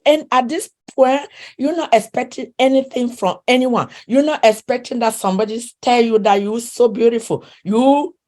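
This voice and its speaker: A middle-aged relationship coach with a non-native English accent speaks in an interview, her fairly high voice carrying a darkish tone at a moderate pace. She's earnest and emphatic, repeating herself and searching for words.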